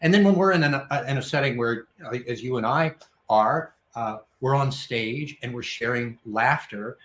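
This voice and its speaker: A man's voice: mid-range voice, normal speed, a bit bright, echoey room. A man speaking as a guest in a casual chat, laying out his point step by step over a video call. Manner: reflective, builds points in lists.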